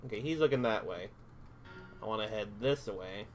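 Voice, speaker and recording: A man giving casual let's-play commentary, chatting to himself as he plays and breaking into excited bursts. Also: on the low side, moderate pace, soft background music. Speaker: gamer streaming a playthrough.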